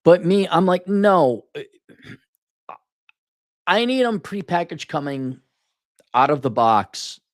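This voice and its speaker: A man's voice: on the high side, big pitch swings, slow pace, pauses often, no echo, studio quality. An older man in a casual opinion monologue, blunt and profane, often acting out mocking quotes in a raised, exasperated voice. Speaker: commentator.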